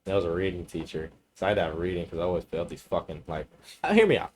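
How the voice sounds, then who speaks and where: A man's voice: deep voice, very animated, very fast, a little mellow, slight background noise. A young man co-hosting a podcast, chatting casually and swearing freely as he rambles through school stories, laughing as he goes. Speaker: podcast co-host. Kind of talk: casual chat.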